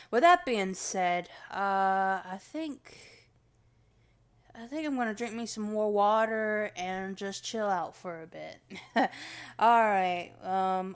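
Woman, unhurried, rambling soda-review vlog, slightly slurred, restarts a lot. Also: medium pitch, clear, resonant tone. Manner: rambling, restarts often, talks to herself. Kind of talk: rambling casual monologue.

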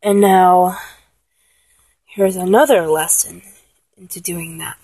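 A woman giving patient, step-by-step voice instruction in a breathy voice. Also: lowish voice, fairly even intonation, slow pace, a little mellow, no echo, poor audio. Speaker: vocal instructor. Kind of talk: instructional talk.

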